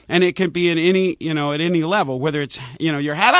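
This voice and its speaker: A man's voice: on the high side, quick pace, few pauses, fairly bright tone, no room sound, studio quality. A man who is a singer, telling rambling stories in a casual interview and acting out the voices of people he quotes.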